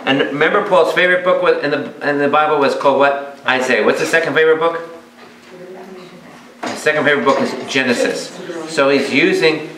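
A man who is a priest teaching a Bible study. He talks in a lively way and keeps asking his audience questions. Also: on the high side, brisk. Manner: animated, asks the audience many questions. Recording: echoey hall with faint noise.

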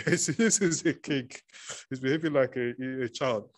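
A man's voice: mid-range voice, moderate pace. Man preaching a conversational sermon. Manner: conversational teaching, reads scripture aloud, repeats words. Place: church.

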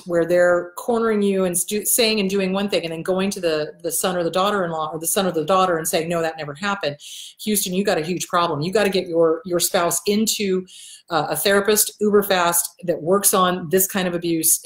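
In an echoey indoor space before a backdrop, a woman with a lowish voice answers her viewers' questions as a counselor and host. Her casual talk is blunt and emphatic, with repeated key points, the odd swear word, and quoted people acted out in an altered voice.

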